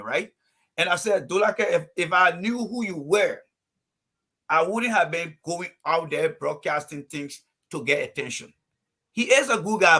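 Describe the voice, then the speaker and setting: A man's voice: on the high side, sharp tone. A man from Liberia speaking on a call-in panel show, making his points emphatically and laying them out in numbered phases. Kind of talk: heated call-in panel talk.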